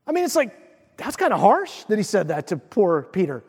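A male pastor preaching a sermon in an animated way, acting out the voices of biblical figures as he reads. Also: extremely high pitch, fast talker, big-room sound.

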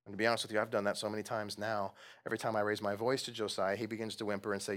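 A man's voice: on the low side, quick pace, few pauses, pushed and bright. A young adult man preaching a casual, conversational sermon in church, joking at his own expense and asking the audience questions. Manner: conversational, self-deprecating, asks the audience questions. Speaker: pastor.

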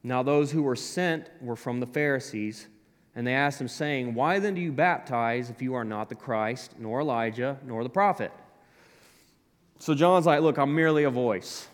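A man preaching a sermon, animated, acting out the voices in the scripture he quotes. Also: mid-range voice, moderate pace. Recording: long hall reverb.

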